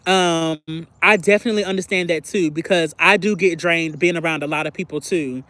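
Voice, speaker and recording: The woman hosting this livestream has a fairly low, slightly bright voice and a steady tone, and she speaks briskly. She chats casually with her viewers, reacting candidly and confessionally with plenty of filler words.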